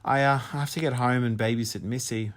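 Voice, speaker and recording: A man's voice: mid-range voice, steady tone, fast, close to an everyday voice. A man voicing a frightened young boy in an audiobook reading, with a nervous, stammering manner. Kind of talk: audiobook character voice.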